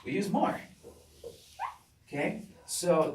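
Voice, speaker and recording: A male teacher with a slightly high voice leads a classroom grammar lesson at a very slow, deliberate pace, stopping after almost every point to check that students follow. He is picked up from a distance in a roomy, echoing classroom with a faint hiss behind him. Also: lively intonation. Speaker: English teacher.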